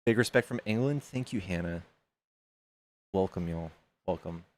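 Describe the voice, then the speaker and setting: Low-pitched and a bit dark in tone, a man speaks at a normal speed. He's hosting a loose, jokey live stream, casually cursing, reading out donations to his chat and drifting between casual conversation and debate.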